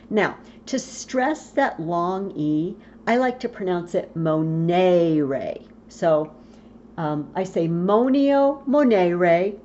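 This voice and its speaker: A woman's voice: fairly low pitch, warm tone. A woman teaching a recorded Latin lesson, patiently repeating verb forms and spelling out endings. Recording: dull lo-fi audio with faint hiss.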